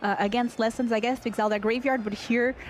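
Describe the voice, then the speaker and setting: A woman's voice: fairly high pitch, fairly even intonation, fast talker. A woman co-commentating a card game match in a chatty, playful way, narrating the plays. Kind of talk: live esports commentary. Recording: faint background noise.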